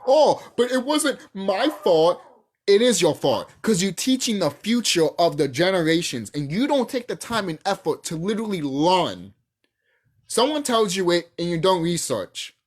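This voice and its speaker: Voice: mid-range voice, big pitch swings, normal speed. A channel host ranting off the cuff to camera, profane and heated, often restarting sentences mid-thought. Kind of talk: unscripted rant to camera.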